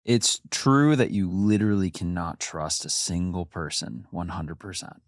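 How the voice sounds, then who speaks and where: Deadpan man podcast co-host. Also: deep voice, a little slow, dry recording, clean studio sound. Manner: deadpan, matter-of-fact musing. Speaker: guest co-host. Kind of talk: casual chat.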